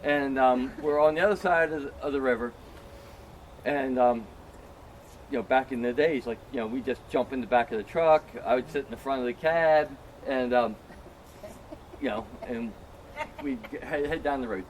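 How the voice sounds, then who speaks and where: A middle-aged man tells friends a long, rambling, self-mocking anecdote packed with "um" and "you know." His voice is medium-pitched at a moderate pace, and the lo-fi recording has slight background noise.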